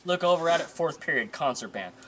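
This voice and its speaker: A young man tells a story in a lively, swooping voice that sits a little high. He acts out what others said, laughs a lot and swears freely. The home recording has clear hiss and noise behind him. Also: fast talker. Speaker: guest friend telling a story. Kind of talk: casual storytelling chat.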